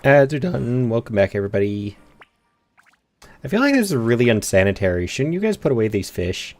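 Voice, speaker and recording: A man streaming a video game, chatting in a relaxed, wry way with his viewers. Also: mid-range voice, a little fast. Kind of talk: casual gaming stream chat.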